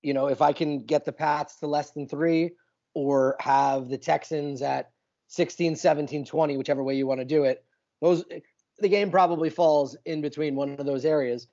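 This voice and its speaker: A man's voice: on the high side, steady tone, moderate pace, dark tone, dull audio. A man co-hosting a sports betting podcast, casual, laid-back and self-deprecating.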